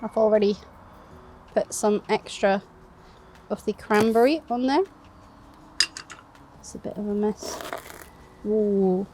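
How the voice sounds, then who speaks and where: A woman's voice: medium pitch, measured pace, long pauses, noisy background. Chatty woman cooking toasties outdoors. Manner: chatty, laughs often, explains steps. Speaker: co-presenter, cooking on the bank. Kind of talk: casual cooking demo chat. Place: outdoors on a fishing bank.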